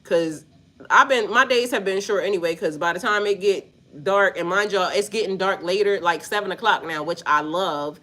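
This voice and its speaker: Mid-range in pitch and fairly bright, she speaks at a normal pace. On her livestream she does spiritual readings, swearing bluntly, laughing, and repeating herself in slang as she talks to viewers.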